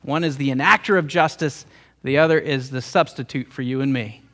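A man's voice: mid-range voice, brisk, fairly bright tone. A man, a pastor and theologian, preaching an emotional storytelling sermon, often stumbling into repeated words.

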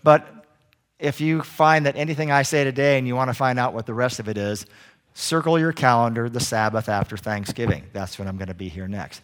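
A man preaching a sermon as a guest preacher, telling animated stories and joking with the congregation. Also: medium pitch. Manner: animated storytelling, acts out little scenes; jokey with the congregation.

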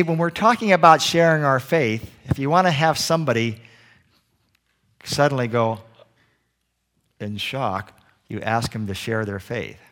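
A man preaching a sermon as a guest preacher, telling animated stories and joking with the congregation. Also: medium pitch. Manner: animated storytelling, acts out little scenes; jokey with the congregation.

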